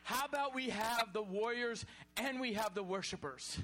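High-voiced man preaching with fire. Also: moderate pace, some chatter behind. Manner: animated, exhorting, at times shouting. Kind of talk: sermon.

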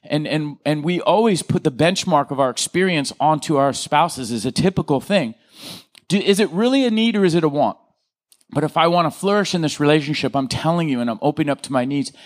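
A middle-aged man leads a relaxed teaching talk in a slightly higher register than most men. He speaks in a loose, conversational way, acts out example phrases and keeps turning to his audience with questions. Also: a little fast. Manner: animated, acts out example quotes, checks in with the audience.

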